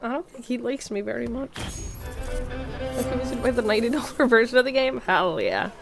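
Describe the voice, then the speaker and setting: A woman's voice: fairly high pitch, expressive, fairly quick, creaky, over music. Sick-voiced woman chatting as she plays. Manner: chatty, swearing, self-mocking. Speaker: streamer. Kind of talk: casual gameplay commentary.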